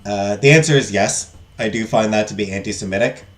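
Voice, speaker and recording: A man's voice: on the low side, brisk, soft background music. A man hosting a let's play, reading a game's text aloud and joking with viewers in casual asides.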